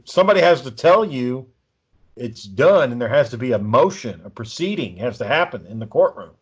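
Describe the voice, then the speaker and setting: Brief: guy, casual profane storyteller, ordinary pitch, slightly muffled lo-fi mic. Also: expressive, brisk, slightly rough. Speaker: podcast co-host. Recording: dull lo-fi recording.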